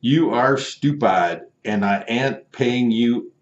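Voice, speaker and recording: A man voicing a rude, angry male online buyer who reads out insults slowly and loudly, in a mocking tone. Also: medium pitch, echoey room, highs cut off, voice pushed up, natural voice. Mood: belligerent. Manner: slow, loud, mocking emphasis, repeated taunts.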